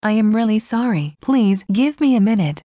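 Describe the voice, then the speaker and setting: A woman slowly reading everyday English phrases one at a time for learners. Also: mid-range voice, animated, dark tone, no echo, highs cut off. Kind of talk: slow scripted phrase reading.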